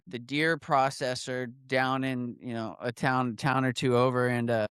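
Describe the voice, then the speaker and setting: A man's voice: medium pitch, moderate pace, few pauses, clean tone, no echo, studio quality. An American man, a podcast guest, telling a hunting story in casual chat, acting out voices with many fillers. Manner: animated storyteller, acts out quotes, many "like" fillers.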